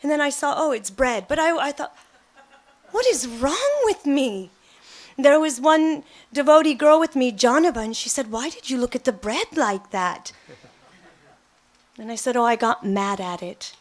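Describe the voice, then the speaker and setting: A woman's voice: sits high, unhurried. A middle-aged woman giving a devotional talk, telling personal stories and acting out the quotes. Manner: animated storytelling, acts out quotes. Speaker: devotional speaker.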